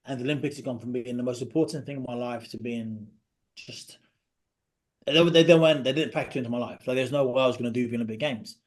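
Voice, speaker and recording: A man, a podcast guest telling a personal story in an earnest, halting way that often drops to a quiet voice. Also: mid-range voice. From Britain.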